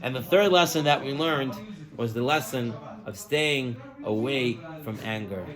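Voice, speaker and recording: A man giving a sermon as a rabbi. He is an animated storyteller who acts out the people in his stories and drops his voice quiet to stress a lesson. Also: medium pitch, measured pace, a crowd in the background.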